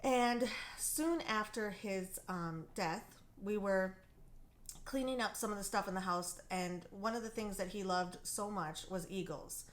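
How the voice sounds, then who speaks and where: A woman from Wisconsin, co-hosting a talk show, sharing a personal story in an earnest, animated way. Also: medium pitch, a little slow. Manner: earnest, animated, many ums. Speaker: co-host. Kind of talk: casual storytelling.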